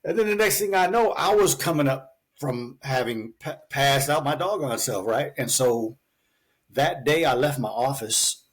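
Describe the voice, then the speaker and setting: A man's voice: mid-range voice, expressive, unhurried, breathy edge. A man, a physician guest on a talk show, telling his story in a loose, chatty way with many fillers. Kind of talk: conversational storytelling interview.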